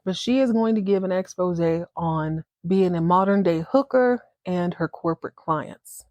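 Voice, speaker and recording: Lady podcaster chatting thru an episode recap, slangy, lowish voice, dry sound. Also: moderate pace, a little mellow, no echo, highs cut off. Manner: chatty, slangy, acts out characters. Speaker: podcast host.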